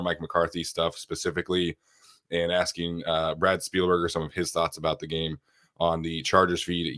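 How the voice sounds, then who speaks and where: Sick male podcast host: deep, stuffy and nasal, easygoing, lots of ums. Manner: relaxed, with frequent fillers. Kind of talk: casual sports podcast chat.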